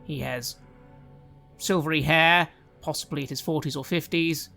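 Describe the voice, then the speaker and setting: A man narrating a tabletop game as game master in a measured storytelling manner, with music behind. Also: a little high, steady tone, vocal fry, sharp tone.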